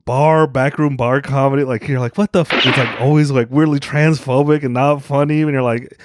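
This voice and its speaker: A man, a comedian guest, chatting casually on a podcast, animated and jokey with lots of fillers. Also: mid-range voice, normal speed, no room sound.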